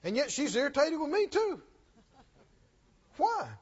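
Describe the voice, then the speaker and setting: A man preaching a sermon, telling a story and then pressing his point with slow, emphatic, rising intensity. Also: very high voice, very animated. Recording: dull lo-fi sound in a long-reverb hall.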